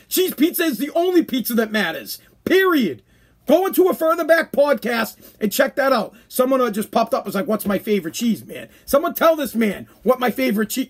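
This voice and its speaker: A man's voice: very high voice, husky. A man hosting a live stream podcast, ranting casually and emphatically with slang. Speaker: podcast host.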